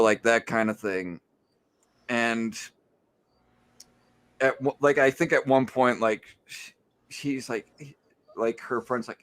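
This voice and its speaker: A man from the United States co-hosting a podcast, telling a loose anecdote full of filler "like"s. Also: mid-range voice. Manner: loose storytelling, heavy use of filler "like". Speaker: podcast co-host. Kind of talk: rambling anecdote and casual review chat.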